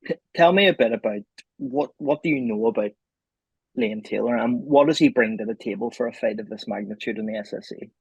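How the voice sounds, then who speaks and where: A man's voice: mid-range voice, brisk, gravelly, husky, no echo, dull audio. A man interviewing a boxer, friendly, asking questions that stumble a little at the start.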